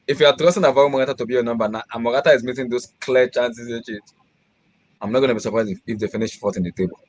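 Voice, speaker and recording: Brief: male panelist, quick and stumbling delivery, dry close sound, casual football banter. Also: mid-range voice, no echo. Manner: fast, halting, with many restarts. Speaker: guest panelist. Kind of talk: casual football chat on a live hangout.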